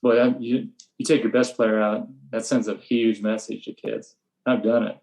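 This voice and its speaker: A veteran American high school baseball coach, an older man with a lowish voice and vocal fry, speaks at a moderate pace about his practice methods during a relaxed interview. His delivery is flat and matter-of-fact, broken up by reenacted blunt lines to his players, on a low-quality recording.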